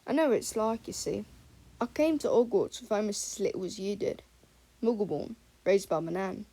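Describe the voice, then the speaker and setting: A woman's voice: mid-range voice, expressive, moderate pace, mellow. A woman voicing a friendly, easygoing male wizard professor, reassuring and chatty.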